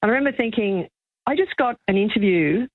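Calling a talk radio show by phone, an older magazine journalist from Australia speaks in a medium-pitched, expressive voice that comes through thin, tinny and dry, without echo. She's moved, and her chatty account keeps breaking off and starting over.

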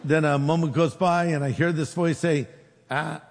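A man's voice: a little high, normal speed, a little hiss or hum. Man preaching in a reverberant hall. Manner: storytelling with lively quoted dialogue. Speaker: pastor. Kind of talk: sermon.

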